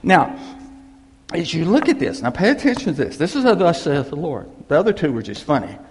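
A man preaching a sermon, telling a story in an animated way and repeating key phrases. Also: fairly high pitch, brisk, big-room sound, slight background noise.

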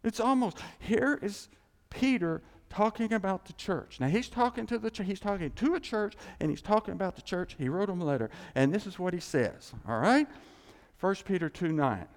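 A man preaches in a church with an animated, joking delivery, slipping into voices as he teaches. His speech swings widely up and down and carries a gravelly grain. The sound rings with the long reverb of a large hall. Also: high-pitched, normal speed. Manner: animated, jokey, acts out God's voice. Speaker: pastor. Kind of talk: sermon. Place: church sanctuary.

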